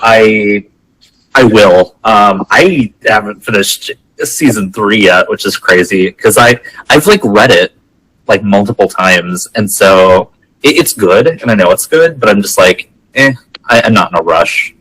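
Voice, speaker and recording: Low-voiced, laid-back podcast man. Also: a little slow, fairly bright tone, poor audio. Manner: hesitant, stumbling restarts, laid-back. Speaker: podcast co-host. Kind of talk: casual chat.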